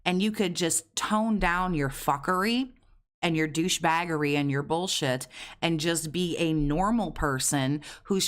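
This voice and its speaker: A man's voice: a little high, fairly bright tone, smooth. A man hosting a reaction commentary, sarcastic and profane as he mocks a streamer. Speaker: commentary host.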